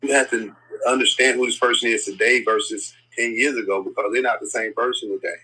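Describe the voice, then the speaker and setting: A man's voice: mid-range voice, fairly even intonation, a little fast, sharp tone, breathy edge, rough recording. A man co-hosting a casual conversation, thinking aloud and repeating words while he searches for them. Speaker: podcast co-host.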